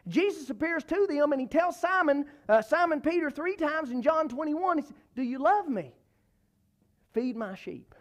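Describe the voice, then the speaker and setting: Guy preaching, high-ish voice, gets loud then drops way down, repeats himself a lot. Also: animated, moderate pace. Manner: emphatic, repeats phrases, rises and falls in pitch and volume. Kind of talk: sermon.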